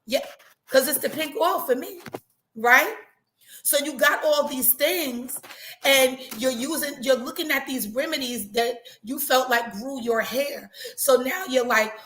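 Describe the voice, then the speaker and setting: A woman hosting a casual live talk, chatty and animated, repeating herself for emphasis. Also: sits high, a little slow, roomy sound, slight background noise. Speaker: host.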